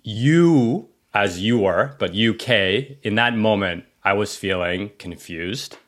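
Brief: male podcast host, thirties, lower register, animated storyteller who restarts his sentences. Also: takes it slowly. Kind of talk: casual podcast conversation.

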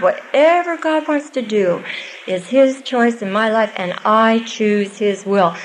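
A woman's voice: a little high, measured pace, slight background noise, low-quality recording. An older woman giving a Bible teaching to a live audience, earnest and conversational with small asides.

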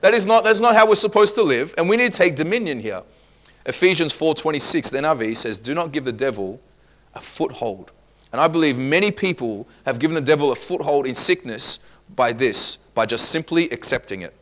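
A man's voice: on the high side, lively intonation, fairly quick, fairly bright tone. A man preaching a sermon as pastor, emphatic, acting out quoted people in asides.

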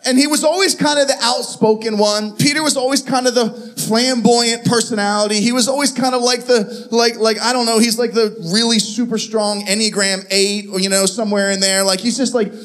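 A male pastor preaching a sermon, telling stories with lively acted-out voices and frequent laughs. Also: very high-pitched, fairly quick, hardly any pauses. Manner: animated storytelling, acts out voices, laughs often.

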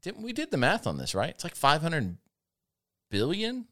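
A man's voice: fairly high pitch, huge pitch swings, moderate pace, fairly bright tone. A man hosting a casual talk show, telling sardonic stories about an old job and laughing often. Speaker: podcast host. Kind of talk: casual chat, storytelling.

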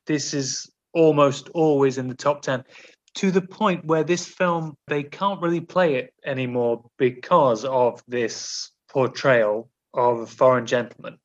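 A man's voice: medium pitch, measured pace, dull audio. A man hosting a podcast, mock-formal and teasing in casual chat. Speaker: podcast host.

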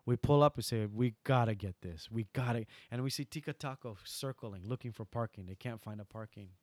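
Animated Hawaiian man telling stories. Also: medium pitch, a little fast, no room sound. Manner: animated, swings from loud bursts to soft asides. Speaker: guest entertainer. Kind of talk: storytelling interview.

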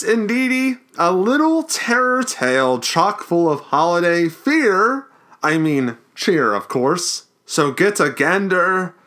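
A man's voice: high-pitched, fairly bright tone, pitched above the performer's own voice, exaggerated voice. A man doing a dramatic reading as a cackling, punning ghoul who hosts horror tales. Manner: hammy, punning, drawn-out delivery. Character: cackling ghoulish male crypt keeper host.

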